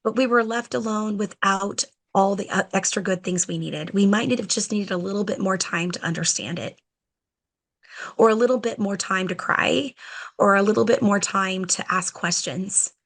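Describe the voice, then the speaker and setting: A woman guest on a podcast, an educator telling stories in a chatty, animated way and acting out talks with children, with plenty of "like" and "you know". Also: mid-range voice, moderate pace. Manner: animated, acts out conversations with children. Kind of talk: podcast interview storytelling.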